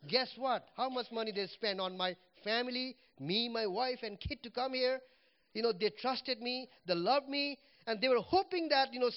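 High-voiced man preaching a testimony. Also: lo-fi sound. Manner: animated storytelling, voice swinging up and down as he relives moments. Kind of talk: personal testimony in church.

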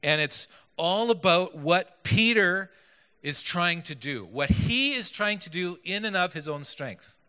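A male preacher gives a sermon with a bright, forceful voice that sits a little high. He speaks conversationally, putting questions to the congregation and making joking asides. The sound carries a long echo from a large hall. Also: animated, unhurried, clean tone. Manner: conversational, asks the audience questions, self-deprecating asides. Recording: echoey hall.

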